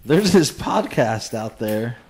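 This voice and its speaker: A man co-hosting a podcast in casual chat, expressive and quick to laugh. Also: medium pitch, husky.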